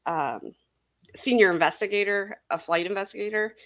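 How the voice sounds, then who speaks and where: A woman's voice: medium pitch, moderate pace. W: chatty woman panelist who laughs easily. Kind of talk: casual panel chat.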